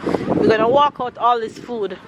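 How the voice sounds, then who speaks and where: A woman's voice: fairly high pitch, moderate pace. Give me a chatty woman in her thirties with a Jamaican accent, filming a family day out with a handheld camera. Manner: upbeat, chatty, laughs often. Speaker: family vlogger. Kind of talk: casual vlog narration. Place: outdoors in a small town street. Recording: outdoor street noise.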